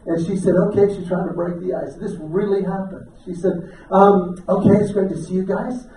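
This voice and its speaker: A man does stand-up in a banquet hall, spinning folksy stories and tossing questions to the crowd. His voice sits high for a man. It comes from off the mic and rings around a very echoey room. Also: steady tone, dark tone, slight background noise. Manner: folksy storytelling with quick audience asides. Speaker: stand-up comedian. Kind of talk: stand-up comedy set. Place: banquet hall with a live audience. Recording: roomy distant audience recording. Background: audience laughter.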